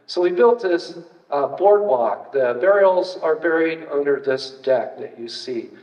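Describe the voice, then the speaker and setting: A man's voice: a little high, animated, unhurried, darkish tone. An older man, a retired archaeologist, giving a casual, anecdotal public talk with slides, full of fillers and wry asides. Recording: distant, roomy, dull hall recording.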